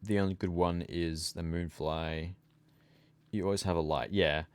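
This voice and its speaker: A man's voice: low-pitched, steady tone, unhurried, clean tone, no room sound. A sleepy young man streaming a game, chatting casually and rambling as he trails off into mumbles. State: sleepy, yawning. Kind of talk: casual gameplay chat.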